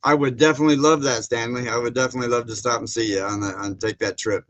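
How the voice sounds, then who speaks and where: A man's voice: mid-range voice, fairly even intonation, fast, fairly bright tone. Folksy man chatting on a livestream. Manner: folksy, laughs often, many fillers. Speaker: livestream host reading chat. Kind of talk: casual live chat. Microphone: streaming setup mic.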